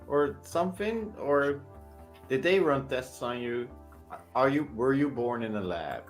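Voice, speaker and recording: A man's voice: medium pitch, animated, a little slow, soft background music. A man playing a tabletop game, asking eager in-character questions in casual banter. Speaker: player.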